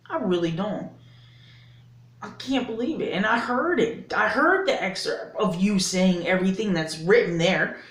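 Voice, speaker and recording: A woman vlogger giving an indignant, emphatic opinion rant to camera, swearing and repeating herself for effect. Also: medium pitch. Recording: echoey room.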